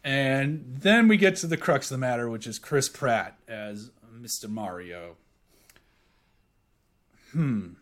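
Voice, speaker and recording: A man co-hosting a casual podcast chat, joking, swearing and talking with animated energy. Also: medium pitch, slow pace, pauses often. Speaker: podcast co-host.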